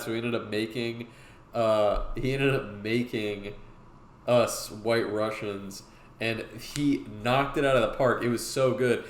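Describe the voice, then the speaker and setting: A man at mid pitch hosts a live-stream drawing tutorial, chatting in a casual, rambling way full of fillers. His voice sounds roomy, with a faint hiss in the background. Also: measured pace. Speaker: streamer and artist teaching drawing.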